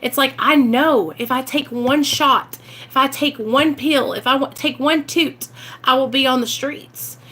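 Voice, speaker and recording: A woman's voice: sits high, steady tone, measured pace, fairly bright tone. A woman from Arkansas with a Southern accent, talking earnestly and emotionally to her viewers about recovery from addiction, from inside a car. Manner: earnest, emotional, sometimes near tears. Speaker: recovery vlogger. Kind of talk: heartfelt casual talk to viewers.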